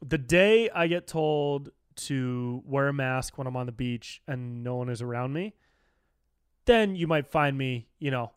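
This young podcast host has a smooth, mid-range voice and talks a little slowly through an animated solo comedy rant. He curses freely, uses lots of slang and keeps saying "dude" and "bro," recorded at studio quality with no echo.

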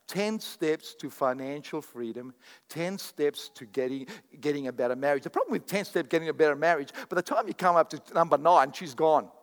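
A man preaching a sermon, swinging between loud proclamations and quieter asides. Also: fairly high pitch, a little fast, in a large hall. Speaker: pastor.

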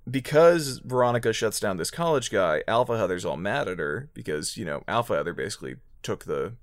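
A man co-hosting a casual movie chat, gravelly, rambling and hesitant with lots of fillers. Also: lowish voice, animated, brisk, dry recording, studio quality. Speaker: podcast co-host.

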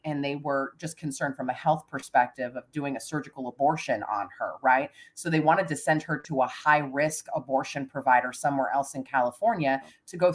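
A woman co-hosting a casual podcast, telling animated stories, laughing often and acting out quotes. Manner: animated storyteller, acts out quotes in a high voice; laughs often, big vocabulary. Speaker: co-host. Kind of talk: casual podcast chat and storytelling.

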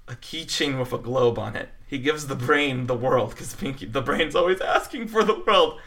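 A man co-hosting a casual podcast, talking with animated enthusiasm and lots of fillers. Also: medium pitch, normal speed. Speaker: podcast co-host. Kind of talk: casual film podcast chat.

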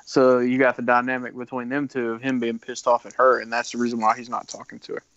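A man's voice: mid-range voice, flat delivery, fast, a bit bright. A man co-hosting a laid-back movie podcast, retelling scenes in loose, profane talk. The recording sounds dry with no room echo and slightly muffled. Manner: casual, heavy swearing. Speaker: podcast co-host. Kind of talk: casual film discussion.

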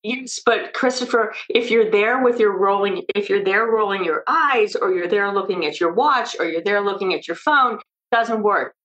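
An older woman, an expert guest on an interview podcast, explaining emphatically and telling lively stories. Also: medium pitch, moderate pace, hardly any pauses, rough recording. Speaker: maternal mental health expert guest.

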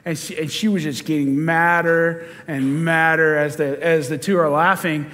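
A man, a pastor, giving a sermon and telling a story with lively storytelling and chuckles. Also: a little high, normal speed. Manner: storytelling, animated, chuckles while telling stories. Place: church sanctuary. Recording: church hall with long reverb.

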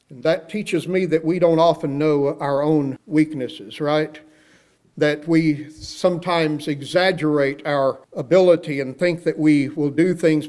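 A preacher delivering a sermon in a somewhat high-pitched male voice. He tells the story with energy and acts out each quoted line himself. Now and then he turns to the congregation with a direct question. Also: a little mellow. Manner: storytelling, acting out the quoted speech; asks the listeners direct questions.

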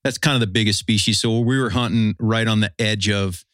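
A man's voice: fairly low pitch, fairly even intonation, a little fast, a bit bright, no echo, studio quality. A man telling a long hunting story in casual chat, rambling and full of fillers.

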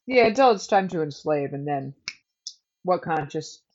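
A woman's voice: deep voice, expressive, normal speed, darkish tone. A woman co-hosting a podcast, chatting casually and joking as she recaps an episode. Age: adult. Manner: chatty and joking, laughs often. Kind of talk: casual chat. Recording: dull lo-fi recording.

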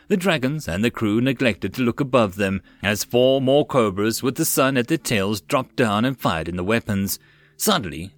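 A man reads a web novel aloud at a steady, even pace in a mid-pitched voice. His delivery is plain, with the odd stumble over a phrase, and the recording is dry and close with no room sound. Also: no echo. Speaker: audiobook narrator.

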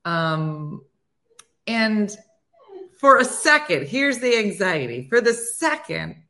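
A woman's voice: medium pitch, big pitch swings, slow pace, bright, forceful tone. A woman hosting an online morning show, chatting casually and poking fun at herself. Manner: chatty, self-mocking, laughs at herself. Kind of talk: casual chat.

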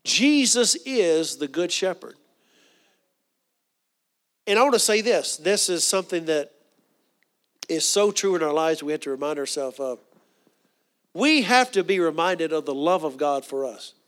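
A man preaching a sermon in a folksy, earnest way, with asides and restarts, dropping to a soft hush for quoted prayers. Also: on the high side, expressive, a little slow, long pauses.

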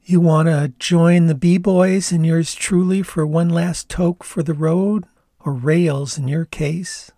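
A man's voice: a little high, steady tone, slow pace, dark tone, no echo, clean studio sound, pitched above the performer's own voice. A man voicing a laid-back young woman backpacker with a Canadian accent, in an easygoing, dreamy drawl.

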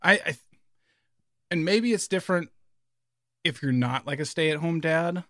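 A man's voice: a little high, animated, measured pace, pushed and bright, no room sound, clean studio sound. A man in his thirties chatting casually as a podcast co-host, telling stories with many fillers and restarts. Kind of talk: casual chat.

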